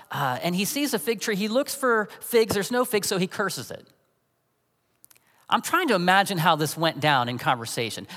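A man's voice: sits high, fairly bright tone, big-room sound. A man in his forties preaching a sermon as a pastor, talking in a conversational, storytelling way.

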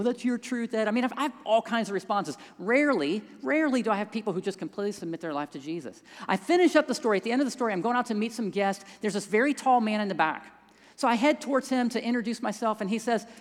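A man telling a story in a sermon, dropping to hushed tones in quiet moments and rising when he stresses a point. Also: sits high. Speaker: pastor. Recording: long hall reverb.

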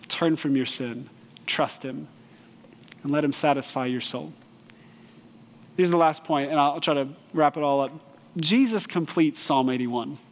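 A man giving a sermon as pastor, earnest and lively, with bursts of animated storytelling. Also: a little high, a little slow, pauses often, in a large hall.

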